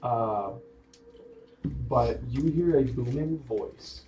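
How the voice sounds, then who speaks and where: A man narrating as game master of a tabletop game in a relaxed, conversational way, recorded from a distant mic in a roomy space. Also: mid-range voice, extremely slow. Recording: roomy, distant mic, faint background noise.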